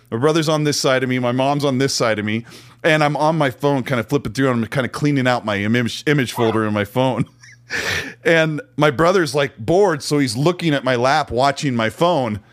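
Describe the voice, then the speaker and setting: A young man co-hosting a casual gaming chat show, telling funny stories in an animated way and laughing often. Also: fairly high pitch. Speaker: podcast co-host.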